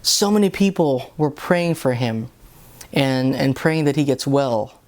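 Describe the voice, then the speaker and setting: An earnest man talks through the day's scripture readings in a relaxed, personal way. He speaks casually and restarts phrases often as he gathers his thoughts. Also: medium pitch, unhurried. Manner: earnest, conversational, with many restarts. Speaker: lay reflection host. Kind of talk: personal Bible reflection.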